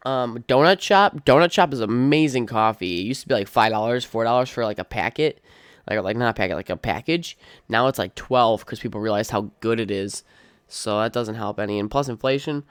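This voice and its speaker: A man's voice: medium pitch, a little fast, clean tone, dry recording, studio quality. A young adult man hosting a podcast, ranting casually in a blunt, profane, opinionated way full of "like" and "um". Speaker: podcast host. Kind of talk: casual solo rant.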